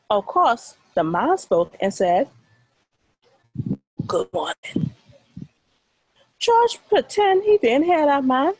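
A woman's voice: sits high, no echo, poor audio. A Bahamian woman, a teacher, telling a dramatic story to children with sound effects and then asking questions.

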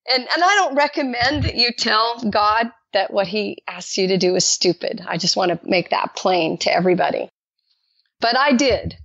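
Gravelly-voiced woman telling a faith story. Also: moderate pace, dry recording. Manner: animated, acts out quoted dialogue with jumps in pitch. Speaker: podcast guest. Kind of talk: personal faith testimony storytelling. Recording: dull lo-fi dry recording.

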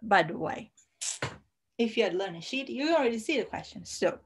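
An Italian woman teaching her language on a live stream, animated and chatty, reading out viewer comments. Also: on the high side, normal speed, pauses often, husky. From Italy.

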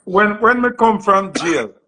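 A Jamaican man in casual chat, speaking slowly and reflectively, with short affirmations. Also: sits high, lively intonation, bright, forceful tone, low-quality recording.

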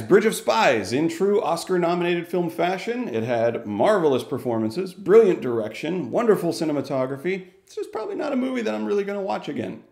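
A man's voice: a little high, gravelly, a little mellow. A man giving a casual, chatty movie review on video, rambling and wry. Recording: echoey room.

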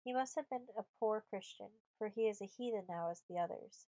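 A woman reading an audiobook voices an escaped young male captive with a husky, breathless voice. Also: mid-range voice, brisk, mellow, close to an everyday voice, low-quality recording. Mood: urgent.

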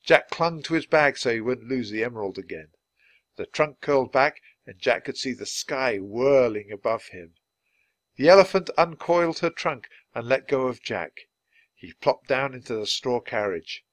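A man reading a children's book aloud, at a steady, clearly paced speed for language learners. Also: medium pitch, moderate pace, no echo. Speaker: storybook reader.

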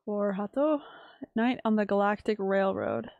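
A woman streamer reading a visual novel aloud and reacting with sudden excited exclamations. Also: mid-range voice, measured pace, no echo, narrow, tinny audio. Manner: reads game text aloud, breaks into excited exclamations.

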